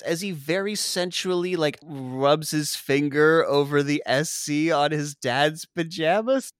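A man hosting a podcast, casually recapping a movie with swearing and quick acted-out character voices. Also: a little high, dry recording, clean studio sound. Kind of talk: casual comedic chat.

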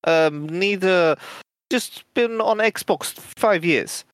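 A man putting on a halting, broken-English voice with a fake German or Polish twang, posing as a meek new gamer. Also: sits high, dry recording, pitched above the performer's own voice. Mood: feigned innocence. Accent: put-on German or Polish twang.

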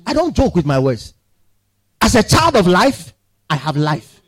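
A man preaching a sermon in a church, swinging from shouted declarations to quiet asides. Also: high-pitched, sing-song, measured pace, low-quality recording. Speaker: pastor. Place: church sanctuary.

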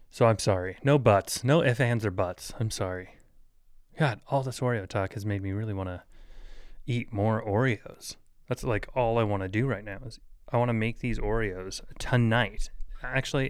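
A man's voice: lowish voice, clean tone, no echo. A man hosting a solo podcast in a casual, rambling way, full of fillers and restarts, often laughing at his own jokes and dropping mock-serious asides. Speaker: podcast host.

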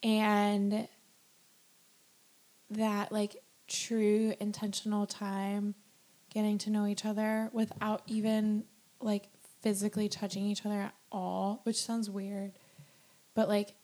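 A woman's voice: mid-range voice, monotone, slow pace, a little mellow. A young woman co-hosting a casual chat, telling stories with lots of fillers and frequent giggles. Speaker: podcast co-host.

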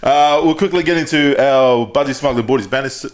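Podcast host, mid-pitched, teasing. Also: male voice, fairly quick. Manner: teasing, laughing. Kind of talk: casual banter.

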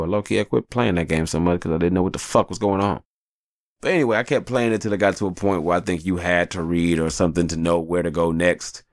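A man in his thirties, a father telling a casual story in an animated, profane, slangy way. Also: low-pitched, no room sound, studio quality.

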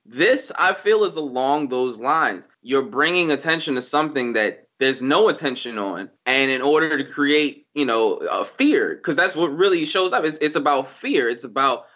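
A man talking on a podcast in casual chat, animated and emphatic, swearing freely as he argues his point. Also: mid-range voice, normal speed, few pauses. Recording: dull lo-fi recording.

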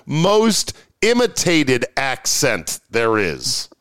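A man's voice: medium pitch, wildly swooping pitch, drawn-out words, a bit bright. A man hosting a casual sports podcast, reading listener emails aloud and trading sardonic remarks. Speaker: podcast host.

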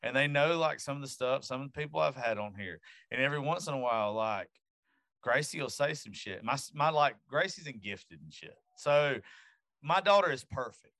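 A podcast host with a medium-pitched voice chats casually at normal speed, recorded dry and at studio quality. He's an animated, profane storyteller, sharing blunt tales about his daughter.

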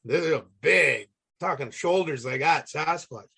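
A gravelly, raspy man in middle age tells a story in a loose, salty way. He keeps acting out the people in it. His voice sits a bit high for a man. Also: measured pace. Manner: animated, salty, acts out voices. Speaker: guest. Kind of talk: casual storytelling.

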